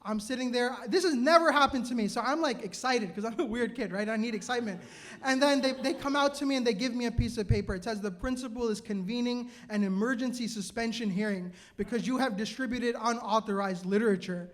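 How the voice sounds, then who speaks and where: A man with a very high voice tells a personal story live on stage before an audience. He is animated and self-mocking, dropping quick asides and laughing at himself. He sounds like a man in his thirties.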